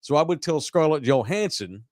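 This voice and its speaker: A man's voice: fairly high pitch, normal speed, no echo, clean studio sound. A man, co-hosting a podcast and telling stories with lots of cursing and acted-out quotes. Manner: animated storytelling, acting out quotes, profane. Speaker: podcast co-host. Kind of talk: casual chat.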